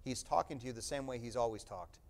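Speaking fast in a mid-range voice, a middle-aged preacher reads scripture and explains it during his sermon. His delivery swings between loud proclamation and a hush.

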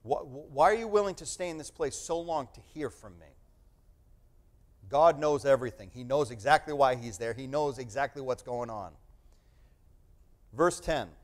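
A middle-aged man preaching a sermon, reading scripture aloud and explaining it, sometimes proclaiming loudly and sometimes dropping to a hush. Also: medium pitch, normal speed, long pauses.

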